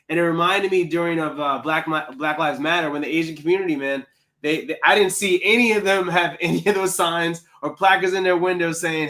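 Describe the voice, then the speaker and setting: An energetic man co-hosts a film discussion, his voice sitting a little high and ringing bright. He jumps into acted-out quotes and exclamations, the rhythm of easy, excited conversation. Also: brisk. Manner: animated, exclaims and acts out quotes. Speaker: film podcast co-host.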